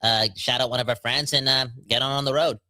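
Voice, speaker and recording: A man hosting a hockey podcast, joking around and rambling with many fillers. His voice is very bright and sharp. The sound is dry, with no room echo. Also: medium pitch, steady tone, fairly quick. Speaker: podcast host. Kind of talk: casual podcast chat.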